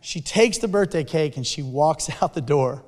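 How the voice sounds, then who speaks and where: A man telling a sermon story in an animated way, with frequent restarts. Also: fairly high pitch, normal speed. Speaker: speaker. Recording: long hall reverb.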